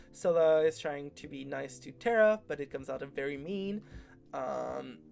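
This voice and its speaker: A host casually recapping and critiquing a series, talking in a rambling way with lots of fillers and strong opinions. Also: mid-range voice. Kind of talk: casual video discussion.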